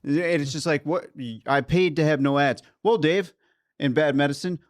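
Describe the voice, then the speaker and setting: Co-host, a man with a slightly high voice, profane and blunt in casual talk. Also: fairly even intonation, moderate pace. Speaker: podcast co-host. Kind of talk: casual live-stream chat.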